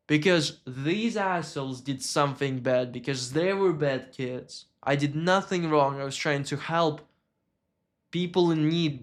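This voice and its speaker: A man from Russia, telling a painful personal story on a live stream in a candid, emotional way and swearing when upset. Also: fairly high pitch.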